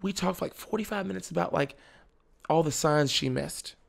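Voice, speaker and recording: Gravelly young man telling a lively story. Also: a little high, moderate pace. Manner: animated, laughs often, slips into the voices of family members. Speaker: podcast guest. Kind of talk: casual storytelling chat.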